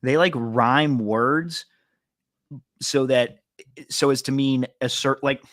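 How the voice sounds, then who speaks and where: A man's voice: medium pitch, slow, a bit bright, no room sound. A man co-hosting a podcast, chatting casually in a rambling, laid-back way. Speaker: podcast co-host. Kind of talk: casual chat.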